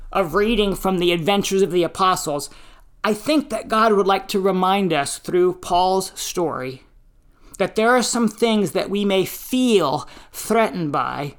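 A pastor giving a sermon, reading scripture and teaching with deliberate, emphatic phrasing. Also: mid-range voice.

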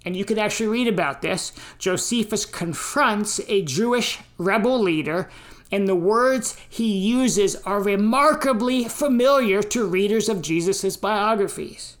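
An American woman delivers a sermon at an unhurried pace. Her voice sits in a middle pitch, and she teaches with deliberate care, leaning on the quotations she reads out. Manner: slow, deliberate teaching delivery with emphatic quotes. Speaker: preacher. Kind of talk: sermon on scripture and history.

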